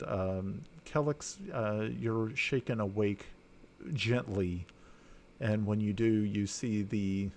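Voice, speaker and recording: Gm narrating a tabletop game, guy with a gravelly voice, lots of ums and uhs. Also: fairly low pitch, a little mellow, a little hiss or hum. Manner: halting, many fillers and restarts. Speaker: dungeon master.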